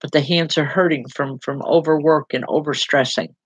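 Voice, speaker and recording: A woman giving live spiritual readings as a medium, speaking haltingly with repeated words and a gently reassuring manner. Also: deep voice, steady tone, slightly rough, no room sound, low-quality recording. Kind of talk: live online psychic readings.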